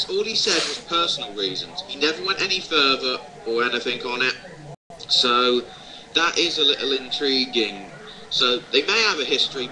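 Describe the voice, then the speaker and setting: A man's voice: mid-range voice, sharp tone, rough recording. A man co-hosting a casual wrestling webcast, hesitant, trailing off and restarting as he gives his opinions. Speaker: co-host. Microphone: webcam mic.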